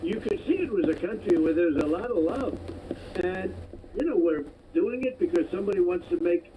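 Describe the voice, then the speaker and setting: A man's voice: sits high, animated, moderate pace. An older man answering a radio interviewer, meandering and rephrasing his points as he goes. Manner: meandering, repeats and rephrases himself. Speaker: interview guest. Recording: dull lo-fi radio clip with faint noise.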